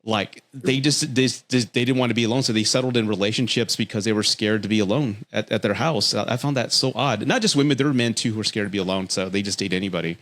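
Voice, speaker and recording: A man's voice: fast talker, hardly any pauses. A man with a Texan accent hosting a casual podcast conversation, telling stories animatedly and acting out quoted lines. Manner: animated storyteller, acts out quotes in a high voice. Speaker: podcast host. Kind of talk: casual chat.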